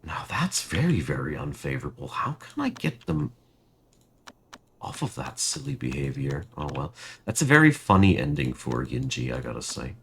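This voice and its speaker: A man's voice: extremely low pitch, wildly swooping pitch, normal speed, vocal fry, slight background noise. A young man commentating his strategy game and ranting in frustration over bad luck. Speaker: gaming channel host. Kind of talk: gameplay commentary.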